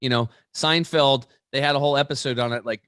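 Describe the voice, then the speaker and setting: A man's voice: medium pitch, fast, clean tone, no room sound, clean studio sound. A man, an interview guest, explaining with energy, acting out quoted people and often restarting his sentences. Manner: animated storyteller, acts out quoted voices, many restarts.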